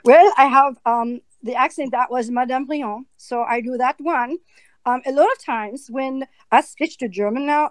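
An actress in a casual podcast interview, talking in an animated, chatty way with lots of "like.". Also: female voice, sits high, moderate pace, no room sound, rough recording.

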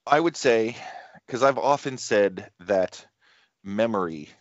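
A man's voice: fairly low pitch, lively intonation, takes it slowly, dry recording. A middle-aged man co-hosting a podcast, telling loose stories in casual chat and often restarting his sentences. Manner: rambling, self-interrupting storyteller with many restarts. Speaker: podcast co-host. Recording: dull lo-fi sound.

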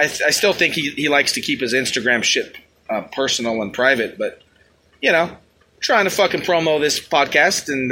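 A man's voice: fairly high pitch, pushed and bright. A man hosting a podcast, ranting in a crude, rambling, heavily profane comic style. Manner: crude, rambling, heavy swearing. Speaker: podcast host. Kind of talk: casual profane comic rant.

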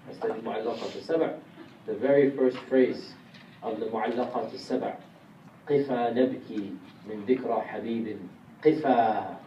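Mellow and medium-pitched, an Islamic lecturer explains Quran commentary to a classroom step by step, asking his audience questions along the way. The recording is muffled with a little hiss or hum, distant and roomy, with faint ambience.

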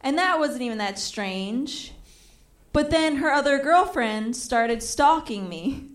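Animated woman doing stand-up. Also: high voice, slow pace. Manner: animated, acts out quoted voices. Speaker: stand-up comedian. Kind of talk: stand-up storytelling. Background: audience laughter.

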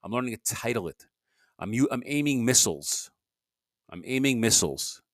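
A man hosts his own solo podcast in a loose, rambling monologue, restarting sentences and grumbling in asides. His mid-range voice is animated and moderately paced, and the recording is dry.

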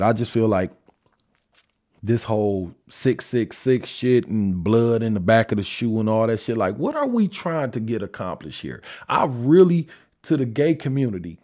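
A man hosting his own podcast and speaking his mind in a casual, heated rant. He is emphatic and profane, and his voice leaps upward on the points he presses before dropping into low, weary mutters. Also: a little mellow. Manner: heated, profane, emphatic, pitch jumping sharply when stressing points; trails off into sighs and low mutters. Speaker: podcast host.

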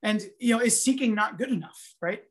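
A man giving a sermon, telling a story in an animated, conversational way full of fillers. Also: high-pitched, brisk. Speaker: preacher.

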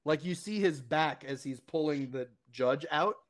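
A man's voice: fairly high pitch, a little slow. A young man co-hosting a casual podcast, rambling with restarts and laughing often. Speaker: podcast co-host. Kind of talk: casual chat.

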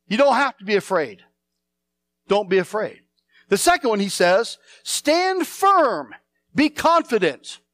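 Male pastor, sermon delivery, very animated pitch, dry recording. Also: no echo. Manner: emphatic, repeats phrases, swings between loud and hushed.

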